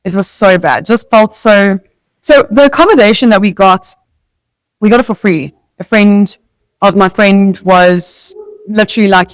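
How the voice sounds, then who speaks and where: A woman's voice: medium pitch, normal speed, dry recording, low-quality recording. A South African woman co-hosting a casual podcast, telling stories in a chatty way with many "like" fillers. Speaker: podcast co-host. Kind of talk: casual chat.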